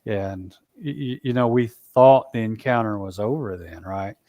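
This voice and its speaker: A man telling a long story as a guest in a casual interview, halting, with frequent restarts and asides. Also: on the low side, mellow, no room sound, muffled recording. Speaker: guest, Bigfoot researcher.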